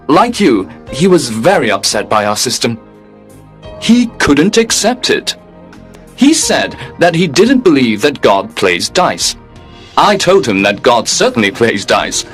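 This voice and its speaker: Mężczyzna grający uprzejmego urzędnika w niebie. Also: male voice, mid-range voice, lightly acted. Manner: formal, courteous, detached. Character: polite, unbending male receptionist at heaven's gate.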